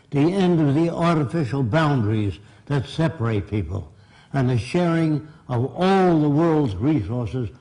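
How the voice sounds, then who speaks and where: Older man, blunt lecturer to a live audience, mellow tone, plain-spoken. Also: mid-range voice, poor audio. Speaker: seminar speaker. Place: seminar room.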